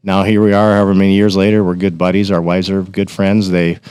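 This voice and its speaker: Podcast guest, man, lower register, animated storyteller, dry close mic. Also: quick pace, smooth, dry recording. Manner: animated, acts out quotes in a raised voice. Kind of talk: casual storytelling.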